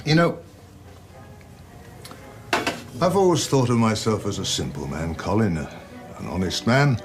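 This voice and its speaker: A man's voice: fairly low pitch, huge pitch swings, music in the background. A man playing a blunt, plain-spoken man who confronts a liar in a TV drama. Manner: blunt, pointed, deliberate. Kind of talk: TV drama acting.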